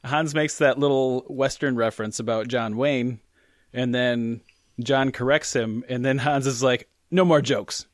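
A man's voice: mid-range voice, steady tone, measured pace, no echo, studio quality. A man co-hosting a casual podcast chat, rambling and joking as he corrects himself. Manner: rambling, self-correcting, jokey. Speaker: podcast co-host.

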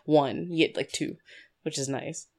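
A woman chatting casually as a podcast co-host, self-deprecating and quick to laugh. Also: low voice, steady tone, darkish tone. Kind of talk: casual chat.

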